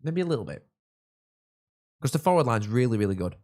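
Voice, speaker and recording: A young man from England, hosting a live football watchalong and chatting with viewers, reacting loudly to goals. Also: medium pitch, very animated, brisk. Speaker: livestream host.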